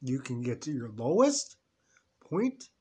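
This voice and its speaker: A man in his fifties tells a personal story, his husky voice rising and falling a lot. He rambles emotionally, slipping into quoted voices of himself and others. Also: medium pitch, big pitch swings, takes it slowly, a little mellow. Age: 50s. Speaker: vlogger.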